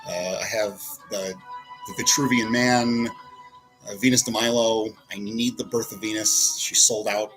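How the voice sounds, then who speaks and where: A man chats casually while reviewing toy figures, rambling and often breaking off to talk to himself as he poses them. His voice is on the low side, steady and fairly bright, and unhurried. Soft music plays behind a rough recording.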